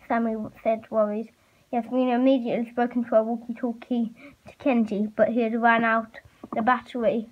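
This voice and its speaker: A woman reading a fan story aloud, halting and stumbling with fillers. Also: a little high, level tone. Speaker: reader. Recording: muffled lo-fi recording.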